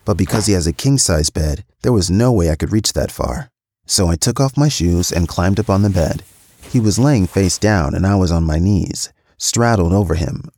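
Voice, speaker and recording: Deep-voiced man reading a story. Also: a little mellow. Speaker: podcast storyteller. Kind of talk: scripted first-person story narration.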